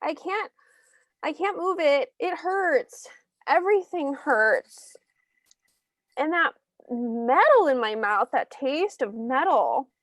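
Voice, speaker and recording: A woman playing a beaten young election observer in a staged play reading, speaking in halting, broken phrases. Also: high-pitched, expressive, fairly bright tone, dry recording, studio quality, heavily acted. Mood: dazed.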